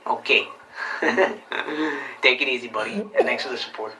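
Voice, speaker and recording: A man recording a video shout-out in a put-on mafia tough-guy voice, halting with many ums. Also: medium pitch, recorded from a distance, a little hiss or hum, rough recording. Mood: mock tough. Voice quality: halting, ums between lines.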